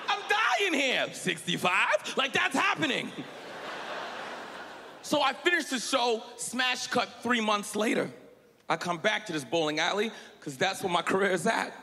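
A male stand-up comedian performing a set on stage, shouting punchlines over audience laughter. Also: sits high, animated, a little slow, background noise. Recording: live hall with long reverb.

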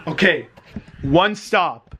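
A man's voice: on the high side, lively intonation, drawn-out words, bright, forceful tone, slightly rough. A young man in his twenties reacting live to a basketball game at home, anxious and pleading, swearing and groaning as he talks into a handheld camera. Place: home, indoors.

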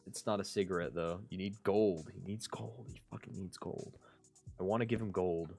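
A man's voice: low voice, moderate pace, gravelly, darkish tone, slight background noise. A man streaming a game, rambling and mumbling to himself, often trailing off mid-sentence. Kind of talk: casual gameplay commentary.

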